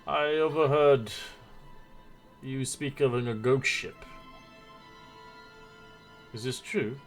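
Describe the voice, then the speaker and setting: A man voicing a stern female high court official in a tabletop game, asking formal, halting questions. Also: soft background music. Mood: probing.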